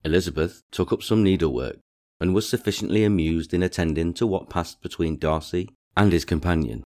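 A man narrates a classic novel in a steady, even audiobook reading. His voice is exceptionally low and deep, unhurried in its delivery. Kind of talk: scripted literary narration.

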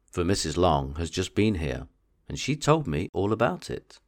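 A man reading aloud voices an excitable middle-aged mother, raising his pitch and pushing eagerly. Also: moderate pace. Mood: eager, insistent. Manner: eager, insistent, raised pitch.

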